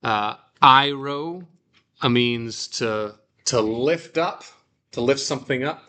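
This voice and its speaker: A man with a mid-range voice runs a relaxed class on Bible Greek. He takes his time explaining the example sentences he reads aloud, dropping in casual fillers along the way.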